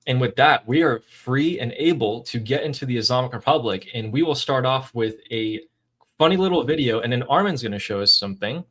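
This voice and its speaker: A man's voice: mid-range voice, expressive, brisk, fairly bright tone. A man co-hosting a political commentary show, explaining the news in a casual, emphatic way.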